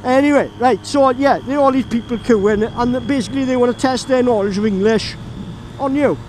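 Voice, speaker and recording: A man's voice: very high-pitched, a little fast, darkish tone, a little hiss or hum, low-quality recording. A man from Llanelli with a Welsh accent, telling a rambling story while riding his motorbike and laughing often. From Wales. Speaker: motorcycle vlogger. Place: on a moving motorbike outdoors.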